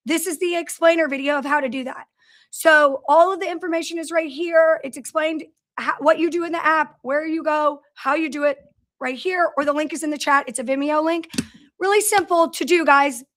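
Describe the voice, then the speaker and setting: A woman's voice: high-pitched, fairly even intonation, fairly quick, fairly bright tone. A woman hosting a casual company livestream from her office, greeting viewers by name and telling stories in a chatty way. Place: office in a large factory building.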